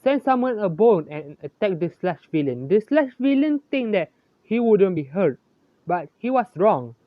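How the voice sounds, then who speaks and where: A storyteller reading a homemade fan story aloud, halting, with frequent restarts and self-corrections, in a lo-fi, dry recording. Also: medium pitch, sing-song, no room sound. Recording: dull, lo-fi, dry.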